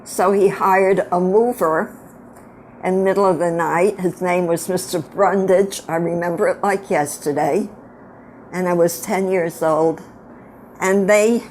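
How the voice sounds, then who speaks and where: A grandmother in her eighties from upstate New York, with a Brooklyn accent, casually tells her family stories of her girlhood in a frank, reminiscing way. Her voice is fairly low and a little mellow, with slight background noise.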